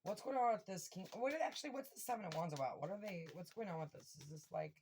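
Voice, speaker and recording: A woman giving a casual tarot reading to her viewers, excitable and swearing freely as she talks directly to them. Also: lowish voice, quick pace, slight background noise. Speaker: tarot reader.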